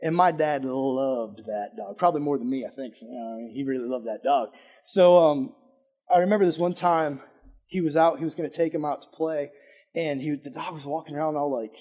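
In a muffled recording, a man speaks at normal speed with a fairly high voice, preaching an informal, conversational sermon. He asks his listeners questions and recounts something from his own life, alternating lively bursts of loudness with hushed side comments.

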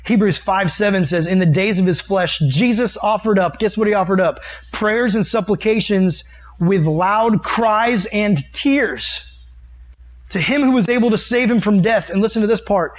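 Youth pastor type, man with a slightly high voice, casual earnest preaching, reads scripture and riffs on it. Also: moderate pace. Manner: reads and comments on scripture verses. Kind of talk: sermon. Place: meeting room with a live audience.

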